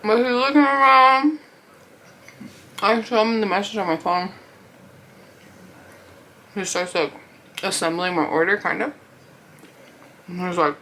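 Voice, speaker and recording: A woman's voice: medium pitch, steady tone, measured pace, pauses often, bright, forceful tone, slight background noise, rough recording. A young woman vlogger casually telling a rambling story while eating, laughing often and acting out what people said. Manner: chatty, rambling, lots of "like" and quoted dialogue. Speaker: mukbang vlogger.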